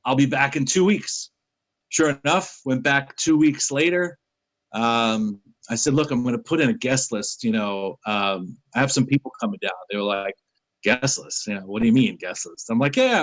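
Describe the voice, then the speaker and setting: A guest from New York City chats casually at normal speed, his medium-pitched voice bringing animated anecdotes to life by acting out each quoted line. Audio quality is poor, with a dry, close sound and no room ambience.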